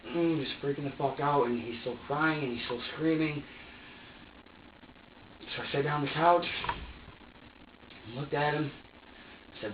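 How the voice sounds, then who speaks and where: A man's voice: fairly high pitch, unhurried, long pauses. A young man under police questioning, confessing in an agitated, profane, stammering way, repeating himself as he talks. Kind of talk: emotional confession. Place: police interview room. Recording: distant, roomy, dull recording with faint hiss.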